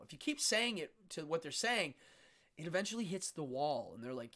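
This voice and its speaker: On his casual livestream, a stage magician from Pennsylvania, USA, talks at normal speed in a fairly high, somewhat bright voice, very animated as he chats. He keeps answering viewer comments and chuckles a lot.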